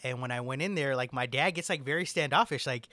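A man's voice: medium pitch, fast talker, pushed and bright, no room sound. A man in casual chat with a friend, rambling, swearing often and filling his talk with "like". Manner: rambling, swears a lot, fills with "like".

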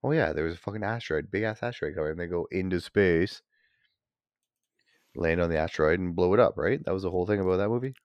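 A man's voice: sits low, fast, dry recording, dull audio. A man in casual chat, skeptical and sardonic, swearing freely.

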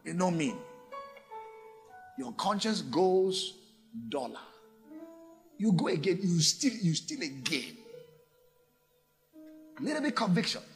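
A man preaching a sermon, animated and theatrical, acting out little voices. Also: sits high, slow, long pauses, faint music behind. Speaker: pastor.

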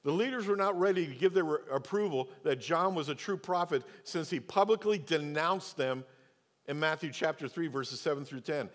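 A male pastor preaching a sermon, moving between loud, emphatic stretches and quiet, low asides. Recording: long church reverb.

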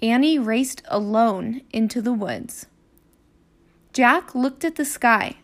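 Slow, gentle woman reading aloud. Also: on the high side. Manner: slow, clear and expressive. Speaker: teacher and podcast host. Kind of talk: reading a children's book aloud.

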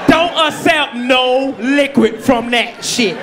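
A young man doing loud, profane crowd-work roast comedy on a comedy club stage. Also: very high voice, slow. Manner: loud, shouting, laughing, profane. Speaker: stand-up comedian. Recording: loud crowd and room noise.

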